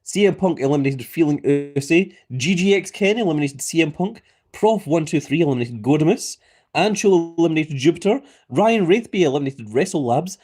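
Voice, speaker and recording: A man's voice: fairly high pitch, a little mellow. Playful man calling a live giveaway. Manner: playful wrestling-announcer flair, reads chat aloud, laughs often. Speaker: livestream host. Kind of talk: live commentary on a giveaway, reading chat.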